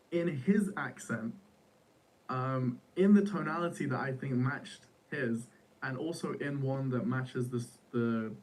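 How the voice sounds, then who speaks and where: A man's voice: medium pitch, darkish tone, far from the mic, rough recording. Slangy young man, a bit off-mic. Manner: casual, slangy, says "bro" and "like" a lot. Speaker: founder of an AI startup. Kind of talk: casual podcast interview.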